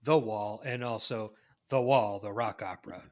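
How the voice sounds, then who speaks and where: A man co-hosting a casual podcast, laid-back and trailing off quietly. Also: on the low side, normal speed. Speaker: podcast co-host.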